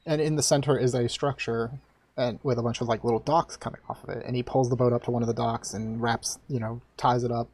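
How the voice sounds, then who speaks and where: A man's voice: medium pitch, flat delivery, fast, darkish tone. A man running a tabletop game as dungeon master, narrating with a rambling, restart-filled delivery.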